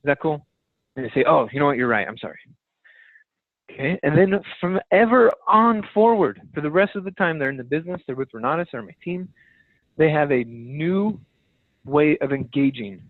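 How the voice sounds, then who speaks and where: A man's voice: fairly high pitch, expressive, moderate pace, no echo. Man coaching his team over a tinny phone line. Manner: emphatic, direct, repeats key phrases. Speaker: team leader on a sales team call. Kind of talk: motivational coaching talk.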